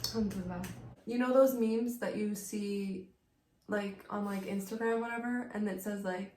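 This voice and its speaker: A woman's voice: medium pitch, steady tone, moderate pace, darkish tone, a little hiss or hum. Chatty young woman in an echoey room. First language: Vietnamese. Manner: chatty, fills speech with "like". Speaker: vlogger, wife. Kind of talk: casual Q&A chat.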